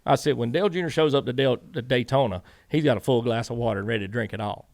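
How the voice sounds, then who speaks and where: Gravelly man telling racing stories. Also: medium pitch, racing. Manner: animated storyteller, acts out quoted dialogue. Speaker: podcast guest, former crew chief. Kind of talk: casual storytelling interview.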